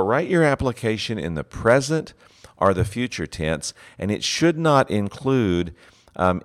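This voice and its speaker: A middle-aged man teaching a lecture on writing sermons, earnest and emphatic, leaning hard on single words. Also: deep voice. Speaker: preaching instructor.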